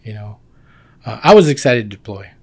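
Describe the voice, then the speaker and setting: A man in his fifties from Guam, a guest telling casual stories about his army years, animated and full of restarts. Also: fairly low pitch, fairly quick. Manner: animated, acts out quoted dialogue with many restarts. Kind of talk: casual storytelling.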